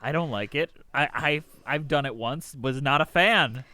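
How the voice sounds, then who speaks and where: A young man hosts a podcast with a bright, forceful tone and a crisp, resonant voice. He chats casually and playfully. The sound is dry and close. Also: on the high side, no echo. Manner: playful, jokey, quick bursts of put-on voices. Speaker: podcast host. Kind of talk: casual chat.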